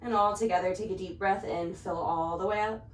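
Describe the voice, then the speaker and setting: A woman instructor gently cueing poses in time with the breath during a guided yoga class, slightly out of breath as she moves along. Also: medium pitch, a little fast. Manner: calm, gentle cues paced to the breath. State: a little out of breath while practicing along. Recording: roomy, picked up from a distance.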